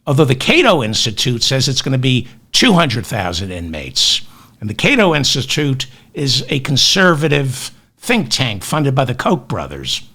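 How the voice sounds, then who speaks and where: Lively, bright-voiced ranting podcast host. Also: male voice, medium pitch, normal speed. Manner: ranting, sarcastic, self-deprecating asides. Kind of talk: comedic news commentary.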